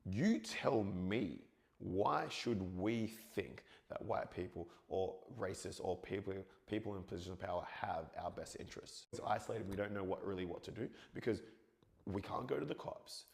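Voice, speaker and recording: A man speaking in a grave, measured way, posing serious questions. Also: deep voice, creaky. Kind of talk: serious commentary.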